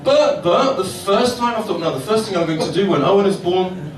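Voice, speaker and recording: A man's voice: sits high, lively intonation, a little fast. A middle-aged man hosting a comedy club night, working the crowd in a cheeky, swearing stand-up manner. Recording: echoey club from far off, noisy.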